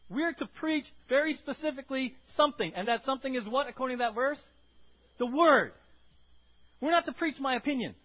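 A man pastor preaching a sermon in a church, animated and questioning the congregation. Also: very high voice, quick pace, few pauses, highs cut off. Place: church sanctuary.

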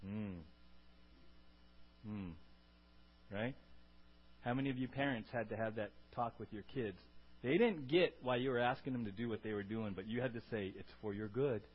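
A man preaching a sermon to his congregation, asking them questions and building to loud, emphatic peaks. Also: fairly low pitch, normal speed, long pauses, husky, highs cut off. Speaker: pastor.

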